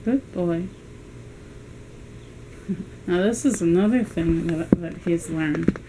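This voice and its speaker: A woman at home, chatting casually about her cat and calling out commands in a high sing-song. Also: takes it slowly, background noise. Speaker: cat owner filming her pet. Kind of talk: casual narration to camera while playing with a pet. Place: indoors at home. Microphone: handheld camera at floor level.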